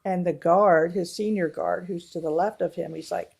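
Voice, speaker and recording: A woman co-hosting a casual film review chat, retelling movie scenes with animated storytelling. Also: lowish voice, normal speed, vocal fry, few pauses, breathy edge. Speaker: podcast co-host.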